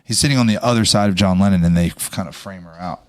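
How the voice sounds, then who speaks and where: A man's voice: deep voice, quick pace. Joking male podcast host. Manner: loose, joking, talks over others. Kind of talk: casual chat.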